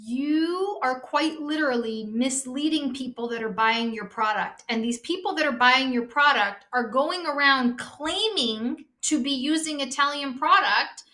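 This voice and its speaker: Female chef guest, high and bright voice, blunt and passionate, swears casually. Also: measured pace, few pauses. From Canada. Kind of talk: casual interview chat.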